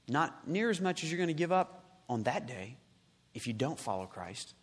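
A man preaching a sermon as pastor, swelling to loud emphatic peaks and dropping to hushed, slow endings. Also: on the high side, expressive, breathy edge. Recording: long reverb in a large hall.

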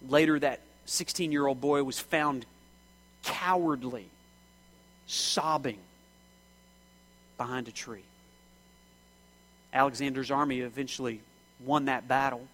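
A man preaching a sermon with passion, his voice swinging from shouting to hushed and back. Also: mid-range voice, steady tone, measured pace, pauses often, rough recording.

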